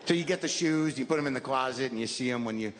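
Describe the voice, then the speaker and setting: On a comedy club stage, a stand-up comedian in his fifties rambles neurotically and self-deprecatingly, acting out little scenes in a medium-pitched, fast voice. The live recording carries hall reverb, audience noise and laughter.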